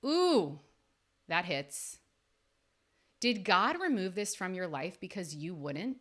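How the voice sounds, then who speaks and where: A woman podcast host and life coach giving an earnest, faith-based motivational talk, with emphatic rises in pitch. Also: expressive, slow, sharp tone.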